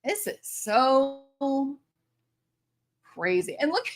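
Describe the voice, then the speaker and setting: A woman's voice: high-pitched, sing-song, very slow. A woman commentator reacting to a news story, incredulous and sarcastic, often laughing in disbelief.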